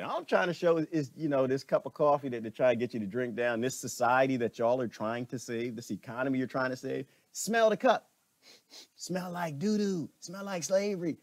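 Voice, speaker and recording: A man giving an animated opinion monologue, preachy and wry, slipping into mocking voices now and then. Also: a little high, no echo. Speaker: commentator.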